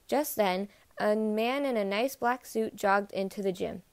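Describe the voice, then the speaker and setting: A woman narrating a children's picture book in an even, clear read-aloud style. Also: medium pitch, unhurried, no room sound.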